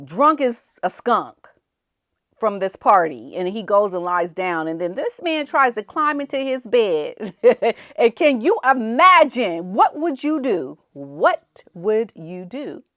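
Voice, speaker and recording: A woman hosts a casual commentary show in a somewhat high voice, recorded close and dry. She talks with animated energy and acts out the people she describes. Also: a little slow, dry recording. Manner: animated, laughing, acting out quotes. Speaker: commentary channel host.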